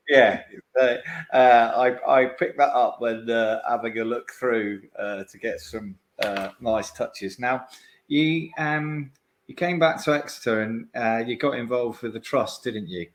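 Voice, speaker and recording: A man's voice: mid-range voice, slow pace. A man hosting a podcast, asking long, rambling questions full of restarts and fillers in a casual interview. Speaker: podcast host.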